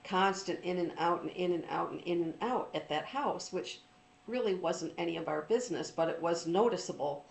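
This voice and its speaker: A middle-aged woman telling a personal story in an informal, reflective talk, pausing often with ums and restarts. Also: on the low side, gravelly, reverberant, a little hiss or hum, low-quality recording. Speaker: trauma recovery speaker.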